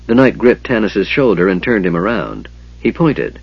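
A man narrating a fantasy story in a measured storytelling way, with a husky voice. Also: lowish voice, sing-song, dry recording, muffled recording. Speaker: audiobook narrator.

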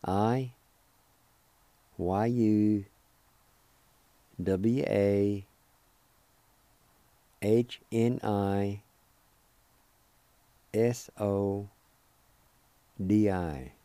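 On a radio language lesson, a man with a lowish, dark, smooth voice draws out his words and leaves long pauses. He patiently spells vocabulary letter by letter and repeats each pronunciation, politely encouraging listeners. There is no echo.

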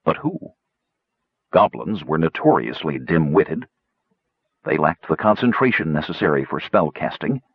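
A man's voice: a bass voice, very animated, a little slow, breathy edge, no room sound, lo-fi sound. A man reading a fantasy novel aloud as narrator, with a dramatic, varied delivery. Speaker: audiobook narrator.

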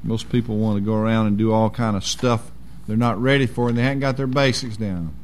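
A man's voice: on the low side, steady tone, a little fast, a little hiss or hum. A man preaching a sermon in a folksy, emphatic way.

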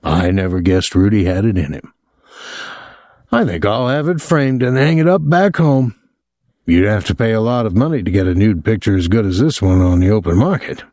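A man's voice: lowish voice, moderate pace, no room sound, studio quality. A man doing a placid, menacing immigrant father. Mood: cold calm. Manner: placid, conversational, coldly calm. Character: calm, menacing immigrant father, middle-aged.

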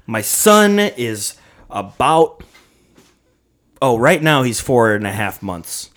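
Animated, cursing male podcast co-host. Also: medium pitch, takes it slowly. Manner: animated, profane, rambling. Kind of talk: casual podcast banter.

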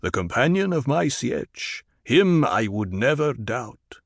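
A man voicing a stern male desert tribal leader in an audiobook reading, speaking in a formal, measured way. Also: mid-range voice, big pitch swings, creaky, husky, dry recording, clean studio sound, exaggerated voice. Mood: earnest.

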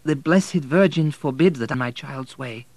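A man voicing a humble, soft-spoken peasant mother in an audiobook reading. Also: fairly high pitch, normal speed, dry recording, voice pushed up, close to an everyday voice. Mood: sorrowful. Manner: soft, pleading.

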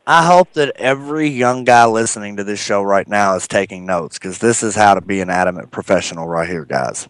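A man's voice: on the low side, animated, a little fast, clean tone, no room sound, poor audio. A man hosting a casual interview, enthusiastic and supportive toward his guest. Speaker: interviewer, former referee.

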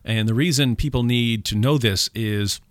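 A man's voice: medium pitch, moderate pace, no echo. A man speaking on a call-in radio talk show, recites quotations in a raised tone. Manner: quotes scripture in a raised, recited tone. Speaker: guest speaker.

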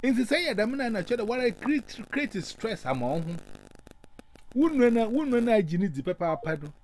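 A man lectures earnestly, his pitch bouncing a lot and sitting a little high. He drops English words into his advice, with faint noise behind him. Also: very animated, moderate pace, a little mellow. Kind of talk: advice talk.

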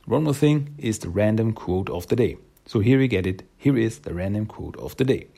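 Gravelly, husky male podcast host. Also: fairly low pitch, lively intonation, normal speed, dark tone. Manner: rambling, upbeat, many fillers. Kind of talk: casual solo podcast talk.

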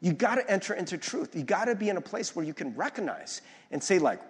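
A man preaching a sermon as pastor, lively and conversational, often asking the audience to follow along. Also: high voice, fast talker, breathy edge. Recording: long reverb of a large hall.

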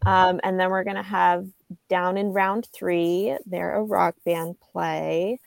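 A woman with a gravelly, fry-heavy voice who talks in an unhurried way. She is a DJ guest on a podcast and chats casually while hyping events. Her voice is recorded very dry and close. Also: lowish voice, level tone, no room sound. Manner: drawn-out, hyped promoting of events. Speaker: guest DJ and emcee. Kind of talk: casual chat.

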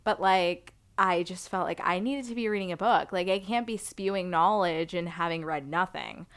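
A woman's voice: fairly low pitch, normal speed, clear, resonant tone. A young woman in her twenties co-hosting a podcast, chatting casually and animatedly, laughing often and filling with "like". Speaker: podcast co-host. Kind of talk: casual chat.

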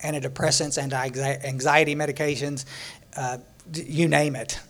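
A man's voice: on the high side, little pitch movement, moderate pace, fairly bright tone. A man telling his recovery story at a meeting in a folksy, joking way. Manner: folksy storytelling with jokes and laughter.

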